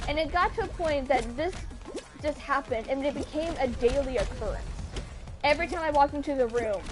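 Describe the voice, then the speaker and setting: A young adult woman streamer tells a personal story casually, her high voice brisk over music. She rambles earnestly, often stopping and restarting her sentences.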